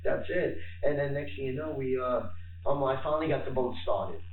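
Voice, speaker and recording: Halting man in an echoey interview room. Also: medium pitch. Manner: halting, full of fillers. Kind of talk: police interview. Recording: echoey room, distant mic, faint noise.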